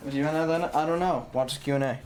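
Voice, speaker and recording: A man's voice: fairly high pitch, steady tone, fast, slight background noise. Blunt, rambling young male streamer. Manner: rambling and blunt, swears, restarts sentences. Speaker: livestreamer. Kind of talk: casual live stream chat while building a PC.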